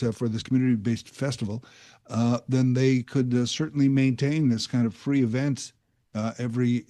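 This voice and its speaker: A man's voice: medium pitch, mellow. A man guest-hosting a radio talk show, telling a rambling, self-aware story in a casual monologue into a studio microphone.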